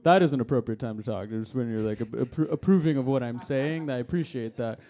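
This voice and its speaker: A man's voice: medium pitch, fairly quick, mellow, lightly acted. A man playing a pompous, bossy sponsor who runs a croissant distribution company, in a live improv comedy show. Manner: pompous, bossy, self-important.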